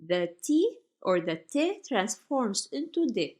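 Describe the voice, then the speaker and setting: Woman language teacher, higher voice, slow, clear delivery of each example. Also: sing-song, a little mellow. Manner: slow, careful, spells out each Turkish word. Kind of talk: slide-based grammar lesson.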